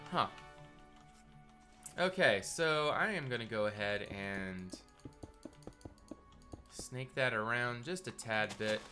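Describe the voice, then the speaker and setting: Congested male streamer, bright nasal voice. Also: medium pitch. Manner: chatty, rambling, greets chat by name. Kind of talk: casual live-stream chat while building.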